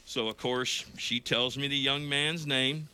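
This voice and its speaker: A middle-aged man with a very bright, sharp-edged voice, spinning a story in relaxed conversation. He keeps restarting his sentences and leans on "listen" and "you know" as he builds it up, at a medium pitch. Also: measured pace, clear, resonant tone. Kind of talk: casual chat.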